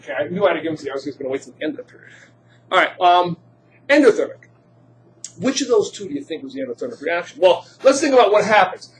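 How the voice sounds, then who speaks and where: A man teaching a chemistry class, quizzing students and joking in asides. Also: sits high. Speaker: high school chemistry teacher. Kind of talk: classroom lecture.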